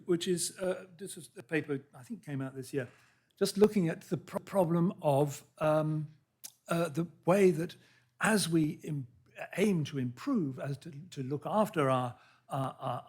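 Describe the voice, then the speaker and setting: A man giving a public science lecture in a hall, earnest and halting, often restarting his words and reading out quotes. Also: on the high side, husky. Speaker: lecture speaker.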